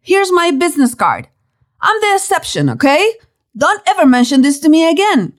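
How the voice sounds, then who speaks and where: A woman's voice: very high-pitched, sing-song, moderate pace, voice pushed up. A woman voicing a brash, boastful male disciple who speaks in a cocky, emphatic, dismissive way.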